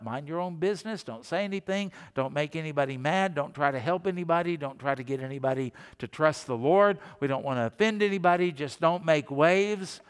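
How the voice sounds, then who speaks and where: A man's voice: a little high, smooth, in a large hall. A male pastor preaching a sermon in a conversational way, acting out the voices he quotes.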